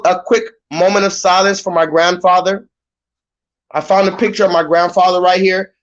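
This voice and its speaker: A man holds forth on a casual livestream, loud and animated, tripping over his own sentences as he rushes on. The stream audio is a little dull and lo-fi. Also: sits high. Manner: loud, animated, talks over himself with restarts. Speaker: livestream host.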